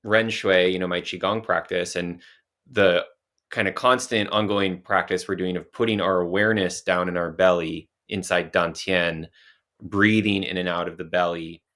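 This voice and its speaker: Low-voiced podcast cohost guy, slow and reflective. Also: fairly bright tone. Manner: reflective, unhurried. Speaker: podcast co-host. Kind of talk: podcast conversation.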